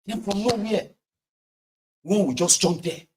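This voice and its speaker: A man's voice: sits high, a little slow, darkish tone, slight background noise. A Nigerian man giving exasperated, mocking political commentary in a casual vlog. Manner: exasperated, mocking, uses pidgin particles.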